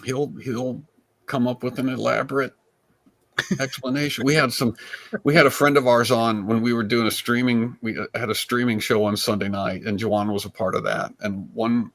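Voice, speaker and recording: A man, a comedian guest, telling stories in a rambling, animated way with frequent restarts. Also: mid-range voice, normal speed. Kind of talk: casual storytelling chat.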